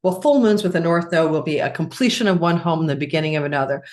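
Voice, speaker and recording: A middle-aged woman gives an astrology forecast in a loose, chatty way, with a slightly low voice. She keeps clearing a tickle from her throat and coughing. She often stops to correct herself mid-phrase. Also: animated, fast, darkish tone. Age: middle-aged or older.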